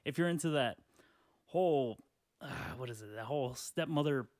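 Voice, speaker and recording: A man hosting a casual solo podcast, rambling crudely through online comments, laughing often and clearing his throat. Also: medium pitch, normal speed, a little mellow, dry recording, clean studio sound. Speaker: podcast host. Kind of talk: casual solo podcast reading tweets aloud.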